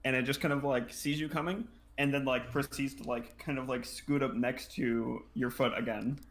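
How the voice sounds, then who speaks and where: A man's voice: medium pitch, steady tone, moderate pace. A man running a tabletop game as game master, describing scenes in a loose, rambling way full of fillers.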